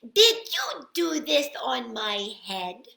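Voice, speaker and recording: A woman voicing a small, nearsighted male mole who loudly and indignantly demands answers. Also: on the high side, very animated, slow pace, creaky, pitched above the performer's own voice, exaggerated voice. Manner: loud, indignant questioning. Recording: echoey room.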